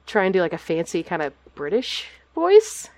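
A woman from Texas talks freely about her hobbies as a podcast guest, with a low voice that is often broken up by fillers and little laughs. The sound is dry and close, with almost no room around her. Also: wildly swooping pitch, moderate pace, darkish tone, no room sound. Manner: chatty, lots of fillers and laughs. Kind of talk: casual chat. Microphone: video call.

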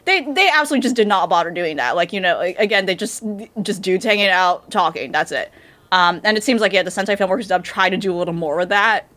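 A woman's voice: on the low side, animated, quick pace, a bit bright. A woman co-hosting a podcast, chatting casually and rambling with many fillers and restarts. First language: English. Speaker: podcast co-host. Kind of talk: casual chat about anime dubs.

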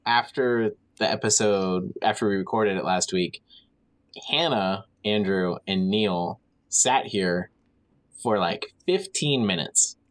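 A man's voice: lowish voice, slow pace, poor audio. A man co-hosting a casual podcast chat, blunt and contrary. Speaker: podcast co-host.

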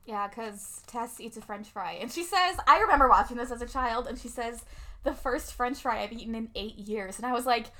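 A young woman casually recapping a movie with a friend, chatty and quick to laugh as she acts out lines. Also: on the high side, sharp tone. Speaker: podcast co-host.

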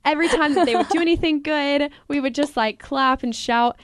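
A woman's voice: high voice, brisk, no echo, studio quality. A young woman from England hosting a podcast in a chatty, casual way, often laughing and saying "like" a lot. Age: young adult. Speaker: podcast host. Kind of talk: casual chat.

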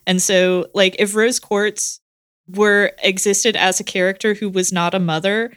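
A woman's voice: medium pitch, steady tone, unhurried, fairly bright tone, no room sound, clean studio sound. A woman co-hosting a podcast, talking in a candid, blunt and self-deprecating way. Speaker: podcast co-host. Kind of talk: casual podcast chat.

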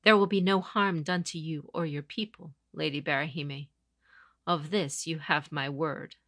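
A woman voicing a proud, commanding female samurai champion who speaks in a stern, measured way. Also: low voice, steady tone, fairly bright tone, no echo, clean studio sound, heavily acted. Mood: solemn.

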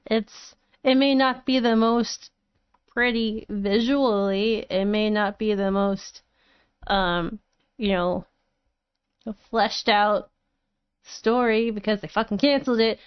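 Woman, casual chat, eager and profane, smooth voice on a muffled lo-fi recording. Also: medium pitch, fairly even intonation, takes it slowly, no echo. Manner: enthusiastic, swears casually, many restarts. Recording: dull lo-fi, dry sound.

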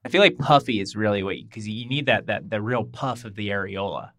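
A man co-hosting a casual podcast chat, bantering in an animated, mock-outraged way. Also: on the low side, a little fast. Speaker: podcast co-host.

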